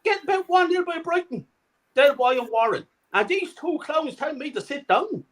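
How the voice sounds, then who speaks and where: Shouting and swearing, a middle-aged co-host of a fan channel goes on a furious rant in angry fan commentary. His voice is extremely high and animated, he talks at normal speed, and the audio is poor.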